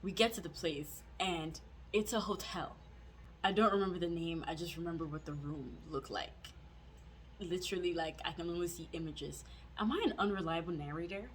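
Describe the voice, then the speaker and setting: A young woman in her student years tells a personal story to her viewers, her voice sitting a little low. She talks casually, leans on "like" as a filler and pokes fun at herself as she goes. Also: normal speed, a little hiss or hum. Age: young adult. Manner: chatty, full of "like" fillers, self-mocking. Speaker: vlogger.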